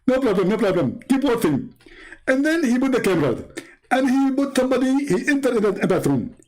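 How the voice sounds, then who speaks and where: Man doing a smug preacher parody: high, bouncy pitch, broken English, stammering. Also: big pitch swings, a little fast, darkish tone, full character voice, rough recording. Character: pompous smug male preacher, middle-aged, know-it-all. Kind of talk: mocking comic impression.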